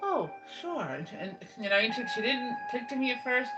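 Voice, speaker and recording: A woman's voice: a little high, lively intonation, fairly quick, lo-fi sound. A woman host telling a story in a casual, rambling way, full of restarts and filler words. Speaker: ASMR channel host. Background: background music.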